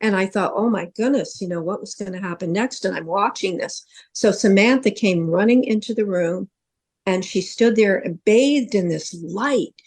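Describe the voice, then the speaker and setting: A woman's voice: mid-range voice, darkish tone. Earnest middle-aged woman telling a story. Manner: earnest, recounts a vivid dream with lots of quoted dialogue. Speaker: psychic medium and podcast co-host. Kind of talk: casual storytelling.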